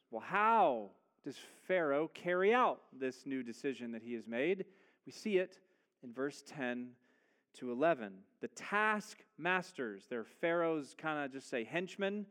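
Slow, high-voiced male preacher. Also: animated, a bit bright. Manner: emphatic, rhetorical questions, rises in pitch for emphasis. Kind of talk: sermon.

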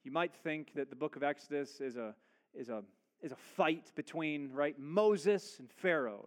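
A man's voice: on the high side, measured pace. A man preaching a sermon, speaking emphatically and asking rhetorical questions as he builds his points.

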